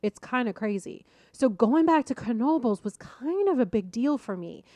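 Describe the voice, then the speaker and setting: Lively self-mocking woman podcast host. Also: on the high side, moderate pace, no room sound, clean studio sound. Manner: lively, self-deprecating, laughs at herself. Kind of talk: personal storytelling monologue.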